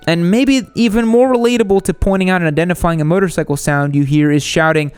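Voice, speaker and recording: A man hosting a motorcycle channel, narrating a scripted comedy bit in a deadpan style that jumps into animated outbursts. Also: fairly high pitch, fast talker, few pauses, smooth, dry recording, faint music behind. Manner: deadpan jokey delivery with sudden animated outbursts.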